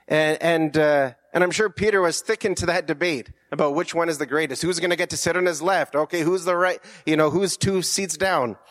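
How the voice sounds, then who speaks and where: A man's voice: a little high, a bit bright. A man preaching a conversational sermon, earnest, with rhetorical questions and frequent restarts.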